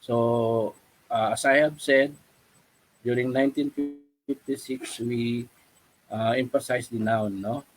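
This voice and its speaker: A man giving an online webinar lecture, speaking haltingly with many fillers and tag questions over a video call. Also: mid-range voice, steady tone, faint music behind, rough recording. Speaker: webinar presenter.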